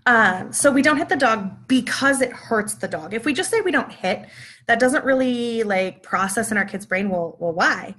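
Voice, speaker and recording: A woman's voice: on the high side, expressive, normal speed, fairly bright tone. A woman giving a casual live-streamed parenting lesson from home, explaining ideas through everyday examples in a conversational way. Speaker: parenting educator. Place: at home with her young children nearby.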